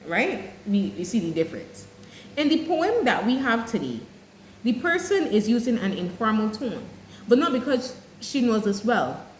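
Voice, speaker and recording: A woman teacher giving an English lesson, explaining clearly and speaking straight to her students. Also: on the high side, sing-song, moderate pace, a little hiss or hum. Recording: echoey room with faint ambience.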